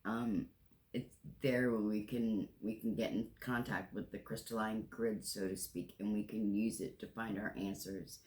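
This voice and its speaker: This tarot reader, a man in his sixties, has a lowish, slightly mellow voice with fairly even intonation and a somewhat slow pace. His spiritual card reading is heartfelt and encouraging, at times tearful, with phrases often repeated and restarted.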